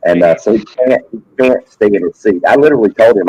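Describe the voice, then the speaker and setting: Man, teacher type, husky lowish voice, dry close sound, rambling animated anecdotes. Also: quick pace, hardly any pauses, dry recording, highs cut off. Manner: animated anecdotes with frequent repeats. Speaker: substitute science teacher. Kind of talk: casual storytelling on a live stream.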